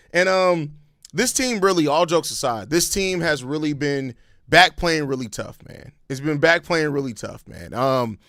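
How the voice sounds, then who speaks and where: High, bright-voiced man ranting bluntly. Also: no echo, clean studio sound. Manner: blunt and profane, swings into loud rants. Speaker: sports channel host. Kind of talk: live postgame reaction.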